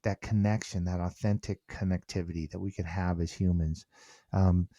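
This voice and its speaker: Middle-aged man, low voice, dry close sound, podcast guest, animated storyteller who stumbles and restarts. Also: normal speed, dry recording. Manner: animated, repeats words when restarting, acts out quoted dialogue. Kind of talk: conversational storytelling.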